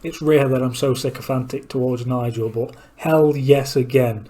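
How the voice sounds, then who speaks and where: A man's voice: mid-range voice, fairly even intonation, moderate pace, mellow. A man giving blunt, opinionated commentary between clips and asking pointed questions. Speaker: political commentator.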